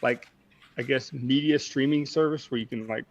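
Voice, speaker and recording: Gravelly man on a dull call line. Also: mid-range voice, steady tone. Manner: hesitant, halting restarts. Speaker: podcast guest. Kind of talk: casual chat. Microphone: desk mic set a little away, video call. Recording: dull lo-fi video-call audio.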